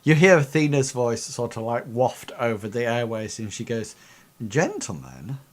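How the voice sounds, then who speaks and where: Guy running a tabletop game, lots of ums and restarts, mid pitch. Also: moderate pace. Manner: hesitant, many fillers and restarts. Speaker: game master.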